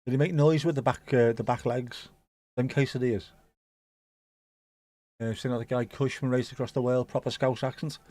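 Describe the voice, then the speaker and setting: Casual British male host: cheeky live match chat, mid-pitched, dry close sound. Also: normal speed, pauses often, no room sound. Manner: joking, bursts into excitement at goals. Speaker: watchalong host.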